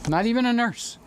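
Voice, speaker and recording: A man's voice: a little high, fairly bright tone, a little hiss or hum. A man hosting a casual livestream, chatting with viewers by name and now and then singing to them. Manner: chatty, talks to viewers by name, breaks into sung lines. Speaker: livestream host. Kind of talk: casual livestream chat reading viewer comments. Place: home studio room.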